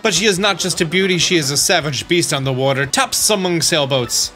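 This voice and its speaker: A man's voice: on the high side, a little fast, bright, forceful tone, faint music behind. A man voicing a flamboyant, self-important sailor-merchant in a vague mixed foreign accent, speaking in a theatrical, grandiose way. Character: pompous flamboyant male sailor-merchant braggart.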